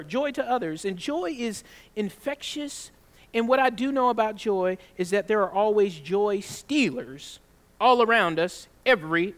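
A man from the Southern United States preaching a sermon, emphatic, drawing out scripture slowly and often adding "right?". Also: sits high. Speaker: pastor.

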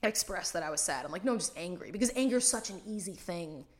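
A woman's voice: lowish voice, animated, quick pace. A young woman in her twenties co-hosting a podcast, talking candidly and rambling, with lots of "like" fillers and some swearing. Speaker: podcast co-host. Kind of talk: casual chat.

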